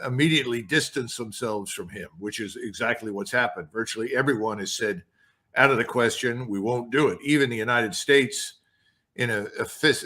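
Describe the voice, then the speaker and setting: A man's voice: medium pitch, bright, forceful tone. Blunt older male military analyst. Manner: blunt, emphatic. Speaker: retired army colonel, guest analyst. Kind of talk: interview, commentary.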